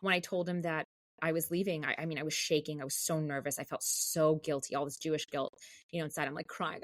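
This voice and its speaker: A woman cantor in an interview, telling her story in a lively way and acting out the people she quotes. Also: sits low, quick pace. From United States. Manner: animated, acts out quoted voices.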